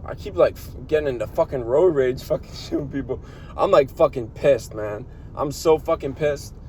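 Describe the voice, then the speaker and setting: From inside his car, a young vlogger who lives there rambles and swears while venting to the camera in a casual monologue. He has a mid-range, darkish voice at a moderate pace, with faint street and car noise behind him.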